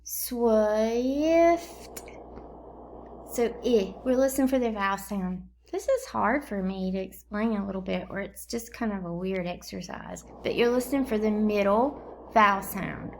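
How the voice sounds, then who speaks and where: In her home kitchen, a woman leads children through a phonemic awareness drill, slowly stretching out each word and asking them to blend or split syllables. Her voice is medium-pitched with vocal fry, over slight background noise.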